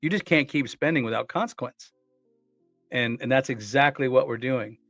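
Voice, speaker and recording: A man's voice: mid-range voice, moderate pace, fairly bright tone, dry recording, faint music behind. Man, casual podcast co-host, rambling with restarts, dry close sound. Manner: rambling, many restarts and fillers.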